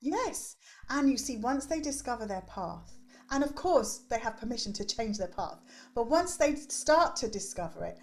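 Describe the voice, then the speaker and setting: On a podcast, a youth development coach in her forties discusses her work with teenagers in a very animated, fairly high voice at normal speed. She preaches emphatically and frequently caps her points with "right?", making for lively interview talk.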